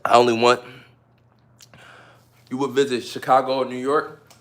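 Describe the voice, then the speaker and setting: A man's voice: mid-range voice, little pitch movement, a little slow, fairly bright tone, roomy sound. A man casually chatting and joking with viewers during a live stream, talking straight to them. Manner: chatty, playful, addresses viewers directly.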